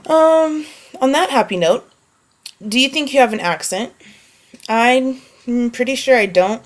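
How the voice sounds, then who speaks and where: A woman making a casual voice post, answering questions wryly and reading a book passage slowly and evenly. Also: high voice. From United States. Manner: offhand and wry, reads prose slowly and evenly. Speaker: vlogger answering a question meme.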